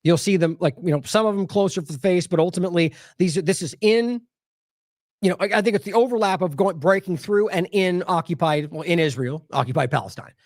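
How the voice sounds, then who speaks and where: A man's voice: high-pitched, a little fast, no room sound, studio quality. A man hosting an independent news show, giving sarcastic, rambling commentary over video clips with frequent restarts.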